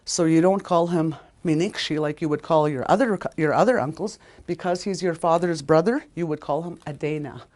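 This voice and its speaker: A woman's voice: low-pitched, a little fast, hardly any pauses, a little mellow. A woman teaching a language lesson, repeating each word several times and correcting herself as she goes.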